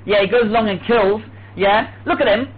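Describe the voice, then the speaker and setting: High-pitched male Torah teacher, animated, heard on a thin phone-quality line. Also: brisk. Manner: animated, acts out voices, restarts often. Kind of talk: Torah class lecture. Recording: tinny phone-like line with faint hiss.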